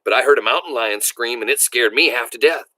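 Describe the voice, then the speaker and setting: A man's voice: mid-range voice, fairly quick, sharp tone, no room sound. A man reading aloud, voicing an earnest young country boy from a novel. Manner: earnest, choked. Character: shy young farm boy, tearful and earnest.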